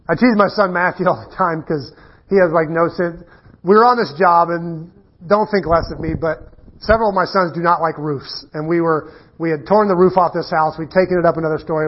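A man's voice: high voice, slightly rough. A middle-aged man preaching a conversational sermon, telling stories in a casual, self-deprecating way with frequent restarts. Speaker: pastor. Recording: dull muffled lo-fi recording.

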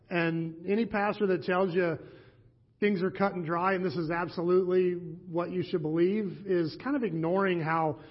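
Earnest high-voiced male pastor. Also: slightly rough, highs cut off. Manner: earnest, with many fillers. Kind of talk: sermon.

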